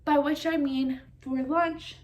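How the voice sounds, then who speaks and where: Charming, scheming storybook wolf, voiced by a woman; oily, sweet, dipping low. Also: fairly even intonation, slow pace, darkish tone. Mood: sly charming. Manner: oily charm that dips low on sly asides. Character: sly, smooth-talking male wolf.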